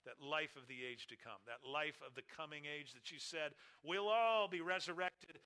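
A man preaching a sermon, leaning hard on key phrases, then dropping quiet and low. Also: moderate pace, low-quality recording. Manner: emphatic, swings between loud stresses and quiet low drops.

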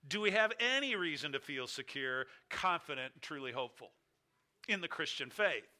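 A man with a very bright, forceful voice delivers a sermon, telling a story in emphatic, piling phrases. His speaking voice sits a little high for a man. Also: lively intonation, normal speed. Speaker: preacher. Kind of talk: sermon illustration.

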